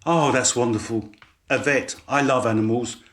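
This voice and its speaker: A man voicing a young woman at a bus stop, shy and soft-spoken. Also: mid-range voice, fairly even intonation, normal speed, natural voice. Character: young woman with slight American accent.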